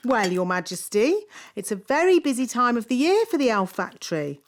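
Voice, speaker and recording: A fussy, matter-of-fact fairy nanny from a children's cartoon. Her voice sits a touch high and swings around a lot as she explains things. A faint hiss runs under her lines. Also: big pitch swings, moderate pace. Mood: bossy. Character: fussy fairy nanny, middle-aged woman.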